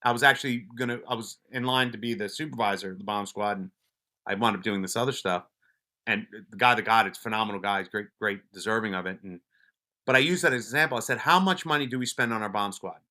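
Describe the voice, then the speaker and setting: Fast and sharp-toned, a man with a fairly low voice tells casual stories on a podcast about his career in policing. He's a police officer and wellness advocate who speaks bluntly, swears a lot, and often restarts his sentences.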